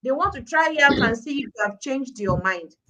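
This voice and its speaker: A middle-aged Nigerian woman talking on a live-stream show, her voice bright and forceful and pitched a little high. She presses her points hard and repeats key words for weight. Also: animated, fairly quick, poor audio. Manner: emphatic, repeating points for stress. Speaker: parenting speaker, guest.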